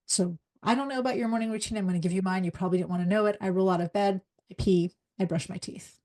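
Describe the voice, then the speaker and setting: This middle-aged woman, formerly a psychologist and now a leadership coach, speaks at a live workshop in a mid-range voice. Her pace is fast and her manner direct and spirited.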